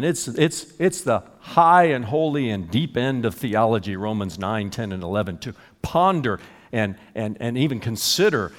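An older man preaching a sermon as a pastor, emphatic and animated, with chuckles between points. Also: mid-range voice. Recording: reverberant hall.

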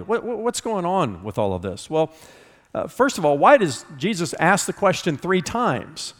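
A man's voice: on the high side, very animated, moderate pace, fairly bright tone, big-room sound. A man pastor preaching a sermon in an expository manner, often repeating words for emphasis. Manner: expository, repeats words when stressing a point.

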